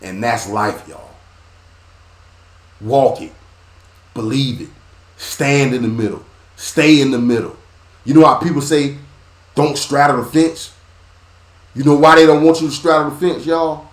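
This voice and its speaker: A man hosting a podcast, delivering a preachy sports monologue in repeated rhythmic phrases, dropping low and quiet, then rising loud and high. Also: unhurried, long pauses, roomy sound. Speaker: podcast host.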